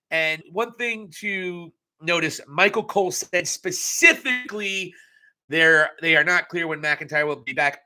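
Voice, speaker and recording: Brief: young man, bright cutting tone, fairly high voice, blunt and crude wrestling-recap host, live casual chat. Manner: blunt, profane, joking asides. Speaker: wrestling show reviewer.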